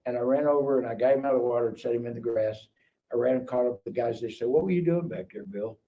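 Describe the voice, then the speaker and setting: A middle-aged man on a live stream, telling his life story in casual, animated speech and acting out the people in it. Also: mid-range voice, fast. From Kansas City area. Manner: animated, acts out quoted dialogue. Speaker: guest telling his testimony. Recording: distant mic with faint background noise.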